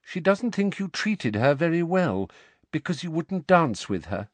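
A man voicing a dreamy, odd teenage schoolgirl in a storybook, soft, vague and matter-of-fact. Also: a little high, big pitch swings, a little slow, no echo, pitched above the performer's own voice.

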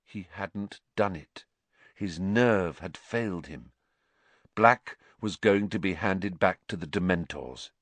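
Slow, lively male storyteller. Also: on the low side, no echo. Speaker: narrator. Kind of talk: audiobook narration.

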